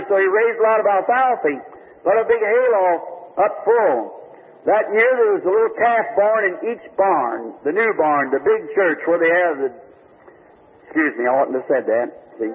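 Husky high-voiced old preacher, tinny. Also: male voice. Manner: homely storytelling, stammered restarts. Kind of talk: folksy testimony sermon. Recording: tinny phone-like old recording.

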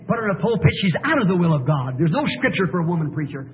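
A man preaching an impassioned sermon in folksy, plain-spoken phrasing, swinging from quiet pleading to shouting. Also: a little high, sing-song, rapid-fire. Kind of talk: fiery sermon. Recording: tinny, echoey old hall sermon tape.

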